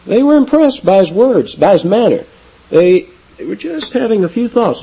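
A man preaching a sermon with emphatic delivery, rising high on key words. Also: huge pitch swings, moderate pace, creaky, dark tone, husky. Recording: dull lo-fi sound.

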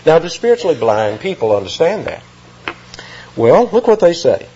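A man preaching an expository sermon, emphatic and lively, reading scripture aloud and explaining the words. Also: medium pitch, normal speed, long pauses, lo-fi sound, a little hiss or hum.

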